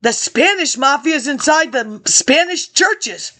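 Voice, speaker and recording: High-pitched, confrontational woman ranting. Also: lively intonation, measured pace, sharp tone. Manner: confrontational, accusing, jumps between topics. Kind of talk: rambling political rant to an absent audience.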